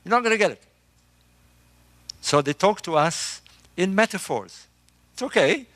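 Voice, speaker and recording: A middle-aged man, a construction engineer, giving an emphatic, animated talk to a group in a room. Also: high voice, a little slow, no room sound. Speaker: speaker on ancient engineering. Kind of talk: lecture-style talk to a live group.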